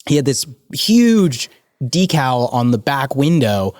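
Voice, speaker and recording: A man from Canada co-hosting a podcast, telling stories in an animated, laughing way. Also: medium pitch, slow, no room sound, clean studio sound. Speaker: podcast co-host. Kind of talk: casual chat.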